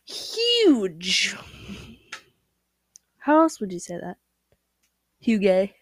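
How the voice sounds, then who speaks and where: A woman's voice: mid-range voice, wildly swooping pitch, extremely slow, dry recording. A young woman from the Midwest co-hosting a podcast, teasing and blunt in casual banter. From American Midwest. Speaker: podcast co-host. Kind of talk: casual chat.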